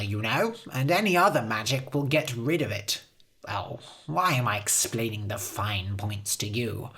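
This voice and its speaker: A cruel old witch from a storybook, as a woman reader puts her on, cold and scornful as she gives orders. The voice sits very low yet has a bright, hard edge. Every line comes out commanding and contemptuous. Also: exaggerated voice.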